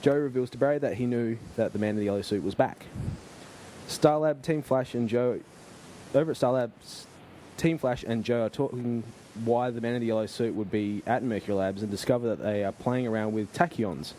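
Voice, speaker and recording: Male podcast host, mellow tone, casual plot recap with faint noise. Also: mid-range voice. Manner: recapping plot, halting restarts. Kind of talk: casual chat and episode recap.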